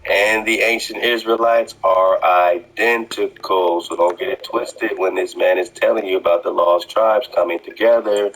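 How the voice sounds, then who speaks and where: Deep, husky man preaching over a clip. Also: fairly even intonation, moderate pace, hardly any pauses, a bit bright, low-quality recording. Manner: preachy, challenging, repeats words. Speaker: commentator reacting to a clip. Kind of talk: reaction commentary.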